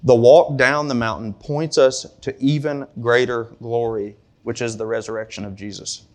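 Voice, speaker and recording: A man's voice: mid-range voice, steady tone, moderate pace, a little mellow. A man preaching a sermon to a congregation in a conversational way, with asides and questions to the room. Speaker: pastor.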